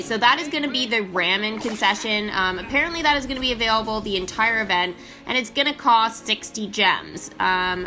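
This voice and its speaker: Bright, chatty woman gamer. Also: a little high. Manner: chatty and excitable, with frequent ums and sudden squeals. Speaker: mobile game channel host. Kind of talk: casual gameplay commentary.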